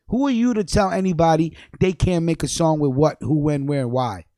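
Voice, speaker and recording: Man, angry profane rant, fairly high voice, loud outbursts and low mutters, dry mic. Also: moderate pace, no echo. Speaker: livestream host. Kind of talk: profane ranting commentary.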